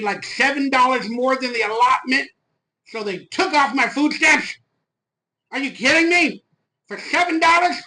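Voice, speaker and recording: A man hosting a fan channel, ranting loud, fired-up and profane on a live stream into a phone. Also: very high voice, rough recording.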